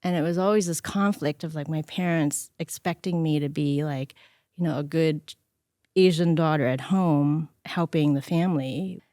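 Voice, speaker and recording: Middle-aged woman guest, lively storyteller with a lower pitch, recorded close and dry. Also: normal speed, dry recording. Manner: animated, acts out quoted voices. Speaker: interview guest. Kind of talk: conversational storytelling.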